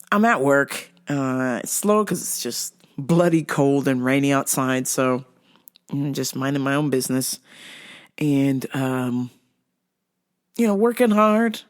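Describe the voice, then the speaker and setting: A woman vlogger telling a story in a profane, laughing, lively way. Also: sits low. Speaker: video blogger. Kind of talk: storytime vlog.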